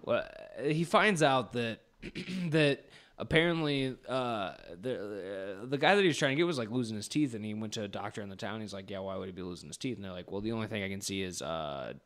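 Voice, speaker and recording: A man's voice: on the low side, a little fast, a bit bright. A young man co-hosting a podcast, rambling through a movie plot in casual chat, swearing and acting out the characters' lines. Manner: rambling, swearing, acts out scenes with laughter. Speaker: podcast co-host.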